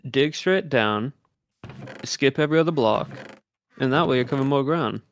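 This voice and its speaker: A man in relaxed chat with a streamer, rambling through his thoughts with plenty of fillers and restarts. He talks at a middle pitch and slips into explaining game tactics step by step. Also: normal speed, slight background noise. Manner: rambling, full of fillers, gives game tips. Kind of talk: casual chat while gaming.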